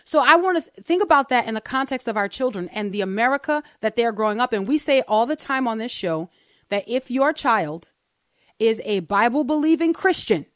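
A woman co-hosting a Christian talk show, earnestly teaching from the Bible and slowing down to read verses aloud. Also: fairly high pitch, animated, dry recording, studio quality. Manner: earnest, explains step by step, slows down to read verses.

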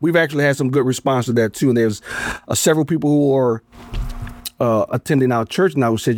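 A man's voice: mid-range voice, brisk, a little mellow, no echo. A middle-aged man from Louisiana, a pastor, talking casually in an interview, easygoing and often restarting his sentences. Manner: easygoing, frequent restarts and affirmations.

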